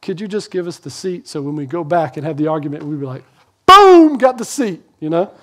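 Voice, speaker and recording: A man preaching a sermon as pastor, conversational and animated, acting out bits of dialogue. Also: on the high side, quick pace.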